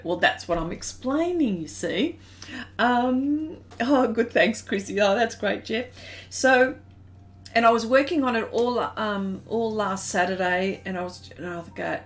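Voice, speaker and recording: A woman's voice: mid-range voice, animated, a little slow. A middle-aged Australian woman hosting an art live stream, chatting casually and greeting viewers by name with frequent laughs.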